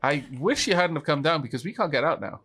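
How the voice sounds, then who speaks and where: A man's voice: on the high side, lively intonation, fast, fairly bright tone. Man chatting through co-op gameplay. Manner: chatty, giggly, apologetic banter. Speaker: gaming channel host. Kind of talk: co-op gameplay commentary.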